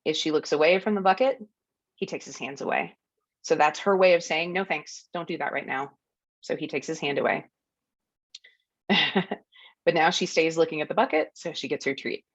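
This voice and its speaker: Casting: relaxed woman workshop presenter, slightly low voice, dull lo-fi webinar audio. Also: moderate pace, long pauses, no room sound. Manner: friendly, explanatory, narrates clips with ums and laughs. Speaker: dog trainer presenting a workshop. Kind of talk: educational webinar talk over video clips.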